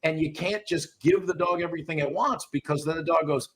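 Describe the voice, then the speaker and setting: A man's voice: a little high, quick pace, hardly any pauses. A man who trains dogs, coaching a student in a casual chat, blunt and swearing freely. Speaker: dog trainer.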